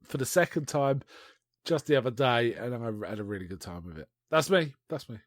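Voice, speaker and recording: A man's voice: mid-range voice, brisk, no room sound. Chatty man retelling a film. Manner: rambling, animated retelling with laughs and restarts. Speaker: podcast co-host. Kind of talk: casual chat reviewing a film.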